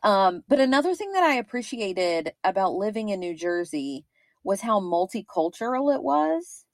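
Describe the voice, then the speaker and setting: A woman's voice: medium pitch, sing-song, normal speed, no room sound. A woman in her thirties with a Kentucky accent, co-hosting a true-crime podcast in a chatty, rambling way with frequent fillers. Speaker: podcast co-host.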